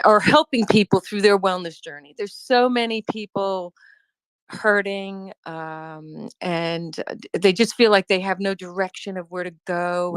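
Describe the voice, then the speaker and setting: A woman's voice: medium pitch, smooth, no echo. Reflective woman in dry conversation. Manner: warm, reflective, halting with restarts. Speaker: guest. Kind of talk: casual chat.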